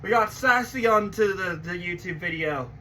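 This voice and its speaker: A young man hosting a casual reaction vlog, excitable, swinging from mumbling to yelling and swearing often. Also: high-pitched, normal speed, a little hiss or hum, rough recording. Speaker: channel host reacting to a movie trailer.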